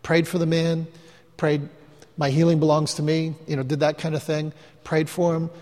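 A man's voice: fairly high pitch, little pitch movement, a little mellow. Storytelling pastor man in a reverberant hall. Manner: chatty, self-mocking anecdotes with quick asides. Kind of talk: storytelling sermon to a live congregation. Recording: live hall recording with long reverb.

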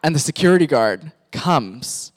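A man's voice: a little high, animated, a little slow. A man from Pakistan, a pastor, animatedly narrating a sermon skit and directing volunteer actors.

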